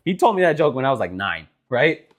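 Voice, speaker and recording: A young man co-hosting a podcast, telling a joke and chatting casually, animated and swearing casually. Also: medium pitch, brisk. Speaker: podcast co-host.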